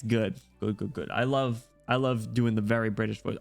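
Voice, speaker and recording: A man's voice: fairly low pitch, fairly even intonation, normal speed, creaky, faint music behind. Joking male game streamer. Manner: joking, crude, laughs easily. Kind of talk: casual gaming commentary with read-aloud dialogue.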